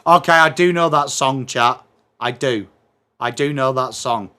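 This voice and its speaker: English male streamer, young, slow and chatty, bright and forceful tone, self-deprecating. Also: medium pitch, smooth. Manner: chatty, self-mocking, reads aloud to chat. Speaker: livestream host. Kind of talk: live watchalong chat.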